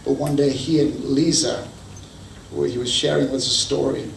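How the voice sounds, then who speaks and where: A man's voice: mid-range voice, fairly even intonation, normal speed, gravelly. A man preaching a sermon, telling stories and acting out the quoted lines. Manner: storytelling, acts out quotes. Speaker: pastor. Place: church hall. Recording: echoey hall, distant mic, faint noise.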